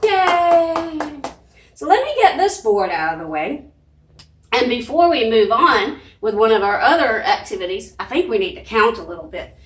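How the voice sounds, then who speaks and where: A woman's voice: a little high, big pitch swings, moderate pace, fairly bright tone. A woman, a children's librarian leading a sing-along lesson with cheerful, coaxing talk and animal sounds. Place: library room. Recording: echoey room, mic at a distance.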